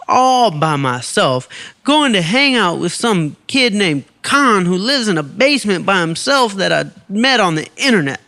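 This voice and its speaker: Upbeat storytelling podcast host, dry sound. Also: male voice, a little high, dry recording. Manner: animated, acts out quoted voices. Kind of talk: storytelling monologue.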